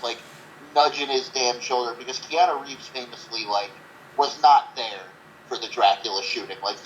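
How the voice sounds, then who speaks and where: A man's voice: mid-range voice, fairly bright tone, a little hiss or hum, rough recording. A man co-hosting a casual movie review podcast, rambling with lots of fillers and swearing. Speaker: podcast co-host.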